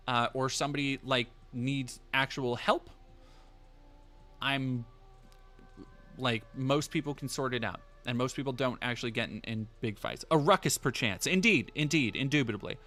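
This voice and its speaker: A man's voice: mid-range voice, bright, forceful tone. A man streaming live, telling a rambling, profane story in casual chat with many fillers and restarts.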